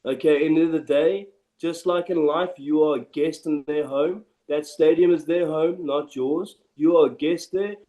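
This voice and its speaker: A man's voice: fairly high pitch, fairly even intonation, normal speed, few pauses, mellow, rough recording. A man co-hosting a casual rugby podcast, blunt and opinionated, hammering points home with repetition. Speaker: podcast co-host.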